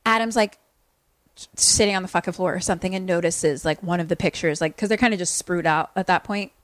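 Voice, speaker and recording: Animated swearing woman recapping a movie. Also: lowish voice, fast talker, no room sound. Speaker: podcast co-host. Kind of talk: casual movie recap chat.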